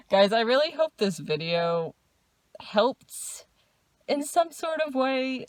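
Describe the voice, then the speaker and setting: A woman talking casually in a personal diary vlog, rambling, restarting and laughing often, in a dark room at night. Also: fairly high pitch, big pitch swings, takes it slowly, no echo. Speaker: vlogger.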